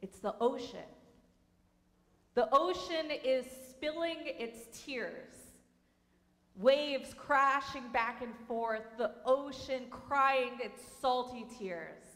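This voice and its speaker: A woman rabbi preaches from a synagogue sanctuary, her high voice unhurried and lyrical. The room is roomy, with a long reverb tail behind every phrase. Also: lively intonation, a bit bright. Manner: storytelling, measured and lyrical. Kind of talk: sermon.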